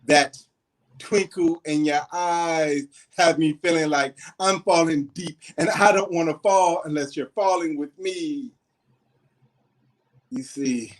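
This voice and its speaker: A man with a slightly high voice performs a romantic spoken word poem at an online open mic. He takes it slowly, letting each smooth, lyrical line land, and he is heard over a video call.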